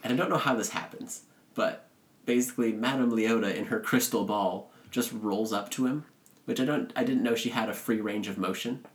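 A man's voice: lowish voice, normal speed. A man co-hosting a podcast, recapping a film in casual chat, joking and sarcastic, acting out the characters' lines. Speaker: podcast co-host.

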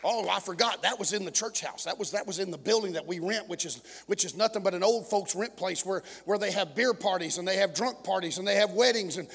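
Pastor hollering his sermon, high bright voice, long hall echo. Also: a little fast, gravelly, hardly any pauses, husky. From Texas. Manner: storytelling, swings from shouting to low murmurs. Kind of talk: preaching a sermon. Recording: long echoing hall reverb.

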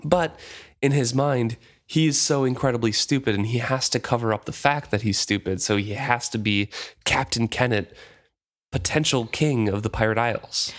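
A man in a casual podcast chat reads a novel passage aloud and then talks it over in a relaxed way. His voice sits at an ordinary middle pitch, and he thinks out loud as he goes. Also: normal speed. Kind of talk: casual book discussion and reading aloud.

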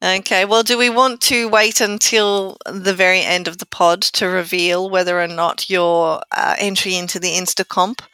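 A woman co-hosting a podcast, chatting in a relaxed, teasing way. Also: lowish voice, normal speed, few pauses, clean tone, no echo. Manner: relaxed, teasing, laughs easily. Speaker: podcast co-host. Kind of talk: casual chat.

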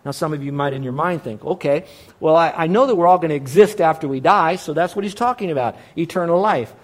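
A man with a slightly high voice preaching a sermon. He talks like a pastor teaching, drops low and soft for asides, then rises and presses hard on repeated words. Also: fast.

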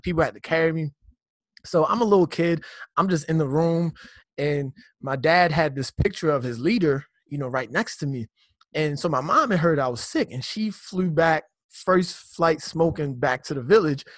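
A young man from Nigeria tells his personal testimony in a loose, animated, slang-heavy way, often repeating himself mid-thought. His voice sits a bit high for a man, and the recording is dry and close. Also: no echo. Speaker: guest. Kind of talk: personal testimony in casual conversation.

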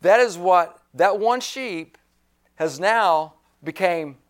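A male pastor with a high voice delivers a slow, emphatic sermon, circling back to key phrases and occasionally clearing his throat.

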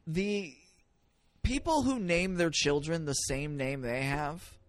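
A man's voice: on the high side, slow pace, dry recording. A man in casual podcast chat, drifting into tangents and swearing as he talks. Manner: animated, given to tangents and swearing.

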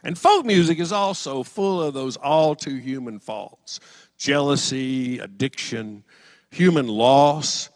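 A man's voice: mid-range voice, slow, dry recording. A middle-aged man preaching a sermon in a conversational storytelling way, lifting his voice for quoted lines. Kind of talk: sermon with personal stories.

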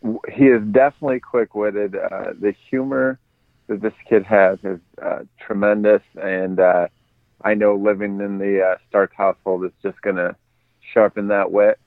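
A man's voice: on the low side, level tone, moderate pace, no echo. Man calling in over a tinny line. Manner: laid-back, hesitant with many fillers, chuckling through stories. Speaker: podcast guest. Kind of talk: casual storytelling.

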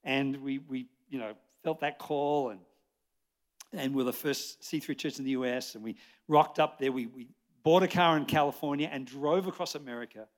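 An Australian man in his sixties preaching a lively sermon to a church congregation, chatty and jokey, rambling with restarts. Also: medium pitch, moderate pace. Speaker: pastor. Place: church service before a congregation.

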